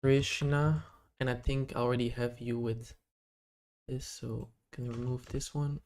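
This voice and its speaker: A man's voice: medium pitch, flat delivery, unhurried, a little mellow. A young man on a casual live stream, chatting to his viewers and reading out their names one by one. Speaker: livestreamer running a giveaway.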